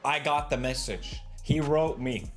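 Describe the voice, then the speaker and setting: A man streaming, chatting casually and ranting animatedly, breaking into shouted outbursts. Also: on the high side, measured pace, soft background music. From Japan-based.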